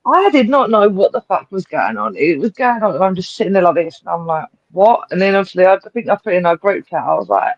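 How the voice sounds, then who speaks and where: A woman co-hosts a wrestling podcast, blunt and swearing freely as she rants. Her pitch swings widely, and the recording is dry and slightly dull. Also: sing-song, fast talker, hardly any pauses, dry recording. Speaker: podcast co-host. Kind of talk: casual wrestling review chat.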